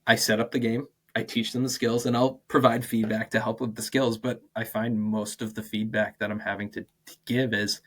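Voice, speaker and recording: With a lowish voice, a twentysomething podcast guest animatedly relates stories from teaching, performing the dialogue in different voices. His casual talk is studded with "like" and frequent laughter.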